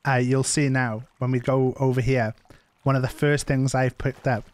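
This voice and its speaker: A man's voice: medium pitch, little pitch movement, normal speed, a little mellow. A man streaming a survival game, chatting loosely and repeating himself as he plays. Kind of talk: live gameplay commentary.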